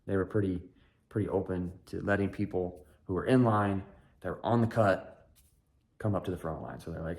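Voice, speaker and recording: A man's voice: sits low, steady tone, normal speed, a little mellow. A man in his thirties hosting a podcast, telling a rambling family story in a candid, casual way with dry self-mocking humor. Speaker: podcast host, father.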